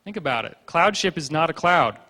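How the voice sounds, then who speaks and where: A man's voice: on the high side, lively intonation, a little fast, pushed and bright. Joking man lecturing in a reverberant hall. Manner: joking, sarcastic storyteller who acts out quotes. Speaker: conference speaker. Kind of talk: humorous lecture with slides. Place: conference hall.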